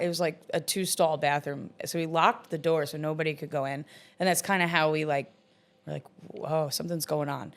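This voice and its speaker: A woman in her thirties, a bartender guest, telling stories in a loose, chatty way full of fillers and laughs. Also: sits low. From Long Island, New York. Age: 30s. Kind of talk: casual storytelling in an interview.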